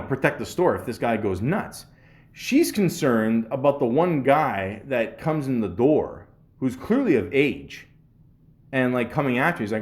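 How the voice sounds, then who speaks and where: A man hosts a podcast and tells a long workplace story in a loose, chatty way. His mid-pitched voice swings up and down a lot as he laughs, swears and trips over his words. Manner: animated, laughing, swearing, many restarts. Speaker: podcast host. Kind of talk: casual storytelling.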